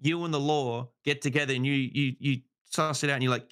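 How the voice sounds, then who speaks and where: A man's voice: medium pitch, steady tone, brisk, hardly any pauses, a bit bright, clean tone. A man rambling in casual podcast chat, swearing freely and saying "you know" a lot. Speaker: podcast guest.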